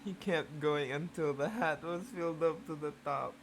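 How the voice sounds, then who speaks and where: A host reading fan fiction aloud in a casual reaction video, moving between slow, even reading and loud, shocked, swearing outbursts. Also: mid-range voice, slight background noise.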